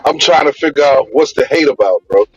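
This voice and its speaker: A man with a high, very lively voice pushes back combatively and repeats his points. The sound is dry and dull, recorded close on a lo-fi mic. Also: a little fast, slightly rough, no room sound. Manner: combative, repetitive, needling. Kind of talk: heated podcast debate.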